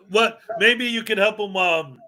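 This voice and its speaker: A rambling, joking man hosts a relaxed livestream chat. His voice runs high for a man. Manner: rambling, joking, laughs often. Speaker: host.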